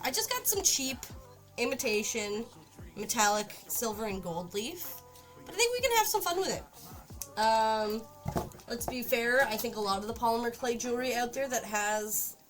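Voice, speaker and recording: A woman's voice: a little high, fairly bright tone. Chatty woman streamer talking to her cat. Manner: chatty, talks baby-talk to her cat. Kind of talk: casual livestream chat.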